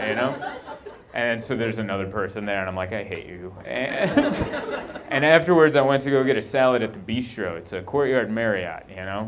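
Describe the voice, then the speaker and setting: Male stand-up comic, mid-pitched, rambling self-deprecating delivery, live club mic with laughter behind. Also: noisy background. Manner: rambling self-deprecating storytelling, acts out his own inner voice. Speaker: stand-up comedian. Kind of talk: stand-up comedy set. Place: comedy club stage before a live audience. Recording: live show with clear audience laughter.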